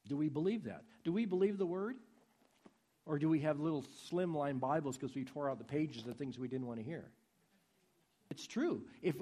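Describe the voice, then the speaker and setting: A man preaching a sermon in a husky voice, swinging from soft pleading to loud urging. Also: a little high.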